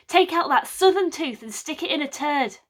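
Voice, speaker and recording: A woman's voice: sits high, lively intonation, moderate pace, voice pushed up. A woman voicing a blunt, crude medieval shepherd who mocks his friend. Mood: mocking. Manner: crude, mocking retort.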